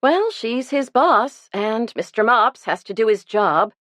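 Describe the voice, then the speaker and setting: Lady doing a no-nonsense mom, wry and brisk, animated pitch. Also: no echo, studio quality. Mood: motherly. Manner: brisk, reassuring. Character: practical middle-aged mother, wry.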